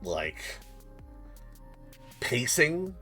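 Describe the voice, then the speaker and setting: A man's voice: mid-range voice, sing-song, drawn-out words, sharp tone, soft background music. A man streaming as game master, chatting casually before the session, rambling and self-mocking, joking and swearing freely.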